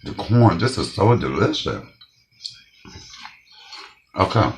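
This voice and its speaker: Man, very deep voice, lively swings in pitch, chatty blunt home cook talking to viewers, faint background noise. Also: takes it slowly. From Detroit, USA. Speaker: home cooking show host. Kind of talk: casual cooking vlog with tasting.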